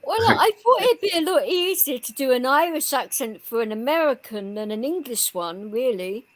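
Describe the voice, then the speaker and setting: A woman with a fairly high voice banters on a live stream. She teases the others and keeps breaking into giggles. She talks over a call mic in a loose, chatty way. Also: expressive, normal speed. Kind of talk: casual chat on a live stream.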